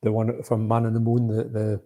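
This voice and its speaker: A man's voice: lowish voice, monotone, normal speed, dark tone. A man co-hosting a live movie chat, rambling and chatty, reading out viewer comments. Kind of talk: casual live-stream chat.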